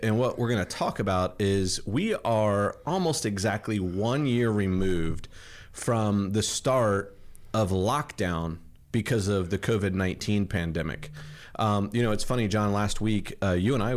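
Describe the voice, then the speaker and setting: A man with a fairly low voice hosts a casual podcast from home. He talks in a friendly, joking way and wanders through his stories. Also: moderate pace. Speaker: podcast host. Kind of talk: casual chat. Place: home office in kitchen.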